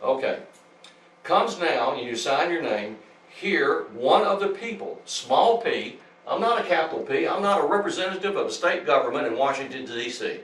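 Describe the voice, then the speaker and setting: A man's voice: a little high, lively intonation, moderate pace, fairly bright tone. A man giving a lecture and reading out legal statements, talking emphatically and often restarting his sentences. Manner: repetitive, emphatic, frequent restarts. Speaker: speaker at a public talk. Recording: echoey room, voice from far off.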